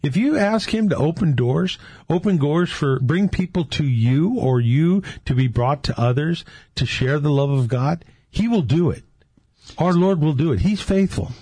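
An earnest man from California shares faith stories in a casual chat, acting out the dialogue as he goes. His voice is slightly husky and swings widely in pitch. The sound is dry and close. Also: expressive, moderate pace, warm tone, no echo. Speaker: guest, Catholic men's ministry leader.

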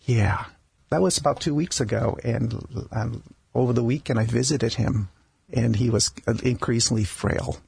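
A man with a very husky, gravelly voice tells stories about his patients in a radio studio. He stumbles and restarts often and repeats words as he goes. The sound is dry and close, with no room around it. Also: medium pitch, normal speed, a little mellow, dry recording. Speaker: palliative care doctor, guest. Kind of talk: conversational storytelling interview.

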